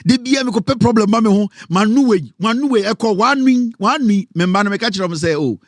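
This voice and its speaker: A Ghanaian-accented man hosts a radio talk show, chatting casually and telling stories while mixing Twi and English. He is close to the mic with no echo, and his voice is high-pitched and fast.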